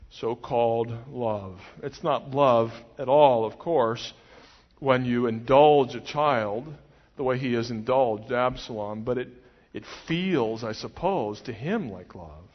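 A man's voice: medium pitch, slow. A man preaching a sermon, retelling a story expressively and voicing the quotes of its people. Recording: muffled recording with long hall reverb.

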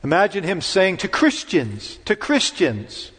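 A man's voice: mid-range voice, normal speed. A man preaching a sermon in a church, with dramatic recitation that rises to commanding peaks. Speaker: pastor. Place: church sanctuary. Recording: long reverb of a church hall.

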